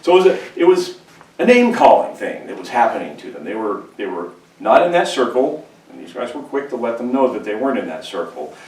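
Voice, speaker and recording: Joking pastor preaching in an echoey church. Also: male voice, mid-range voice, fairly quick. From California. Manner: joking, conversational, animated storytelling. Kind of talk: humorous sermon. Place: church sanctuary. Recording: echoey church room, distant mic, faint hiss.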